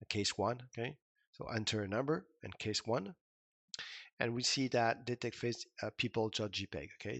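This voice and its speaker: Man, gravelly low voice, casual screen-recorded coding lesson, fillers and restarts. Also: a bit bright, dry recording. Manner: informal, thinking aloud with frequent fillers and restarts. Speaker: instructor.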